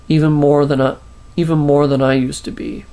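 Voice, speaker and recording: A man voicing a devoted, protective young man in a self-written story, read flatly. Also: on the high side, moderate pace, vocal fry. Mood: earnest.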